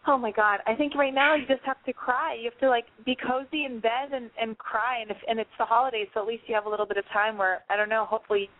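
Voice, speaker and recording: A woman's voice: fairly high pitch, steady tone, fast talker, few pauses, narrow, tinny audio. A woman hosting a call-in advice show, gushing, emotional and reassuring as she talks with callers. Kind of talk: casual call-in advice chat.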